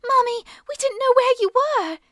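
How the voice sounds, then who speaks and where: A small, frightened girl whimpers and pleads in a high, wavering voice, as a woman reads her lines. Her pitch jumps about with worry. The sound is dry and close, with no room around it. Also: big pitch swings, slow pace, a bit bright, no echo, full character voice. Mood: scared. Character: frightened little girl lost.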